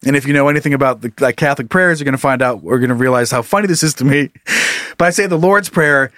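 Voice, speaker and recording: A man's voice: mid-range voice, quick pace, fairly bright tone, no room sound, studio quality. A man in his thirties co-hosting a podcast, telling stories in casual chat and laughing often. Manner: laughs often, acts out voices in anecdotes. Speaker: podcast co-host.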